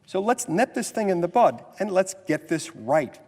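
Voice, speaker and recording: A man's voice: high-pitched, very animated, moderate pace, darkish tone. An American man, a senator, giving a floor speech that moves from a storytelling anecdote into an earnest, insistent argument. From United States. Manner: storytelling, mimics others in quotes, then earnest and insistent. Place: legislative chamber. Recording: long reverb of a large chamber.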